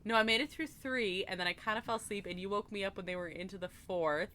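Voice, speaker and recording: A woman's voice: medium pitch, quick pace, sharp tone. A woman from Canada co-hosting a casual podcast chat, giggly and chatty. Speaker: podcast co-host.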